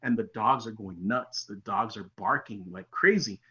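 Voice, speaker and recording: A man recounts his own eerie encounter as a podcast guest. His voice is bright and forward, with a slightly dull, lo-fi sound. He swings from animated telling to hushed, quiet passages. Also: on the low side, normal speed. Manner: animated storyteller, drops to near-whispers for tense moments. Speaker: interview guest. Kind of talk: telling a personal encounter story.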